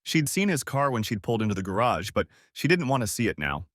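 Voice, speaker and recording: A man narrating an audiobook story in an expressive storytelling read. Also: medium pitch, quick pace, no echo, clean studio sound. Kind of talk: scripted narration.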